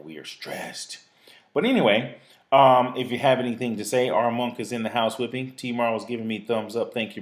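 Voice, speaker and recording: A man hosting a live talk show, reading out a reflective piece in an earnest, preachy way and chatting casually with a phone guest. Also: fairly low pitch.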